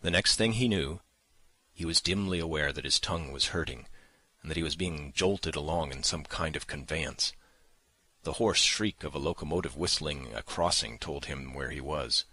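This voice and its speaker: Very deep, forceful male narrator. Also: dry recording. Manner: measured, dramatic reading. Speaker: audiobook narrator. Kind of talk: scripted narration.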